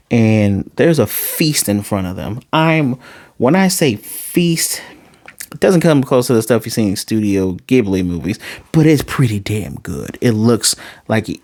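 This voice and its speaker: A man with a fairly low voice excitedly recaps and reviews an anime episode. He rambles casually, speaking directly to his viewers.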